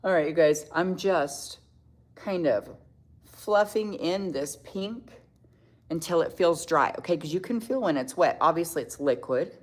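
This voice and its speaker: On the low side and animated, a middle-aged woman's voice leads an easygoing makeup tutorial stream, where she chats, reads viewer comments out loud and laughs easily.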